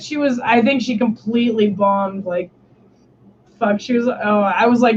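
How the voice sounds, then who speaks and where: Swearing often and leaning heavily on "like," a young female stream host tells stories in a casual chat. She speaks unhurriedly in a slightly high voice, over muffled lo-fi audio with a little hiss or hum.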